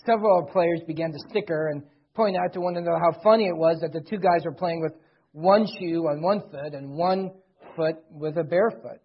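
A middle-aged man preaching a sermon as pastor, earnestly, swelling loud and then dropping soft. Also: on the high side, a little fast, husky. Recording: dull lo-fi recording.

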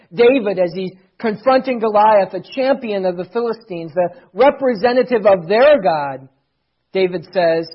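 Man, pastor, sermon, husky voice, muffled lo-fi recording. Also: high voice. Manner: preaching with rising and falling intensity, reading scripture aloud.

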